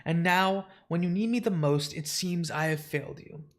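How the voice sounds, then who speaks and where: A kindly, folksy spirit in human form, voiced by a man with a gently raised voice. He talks softly and apologetically. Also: high voice, moderate pace, natural voice. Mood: apologetic.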